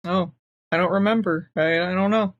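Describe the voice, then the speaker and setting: A woman's voice: on the low side, steady tone, moderate pace, phone-quality sound, noisy background. A woman hosting a podcast, recapping a TV episode in casual, sarcastic chat and laughing often. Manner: sarcastic, laughing, acts out quotes. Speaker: podcast host.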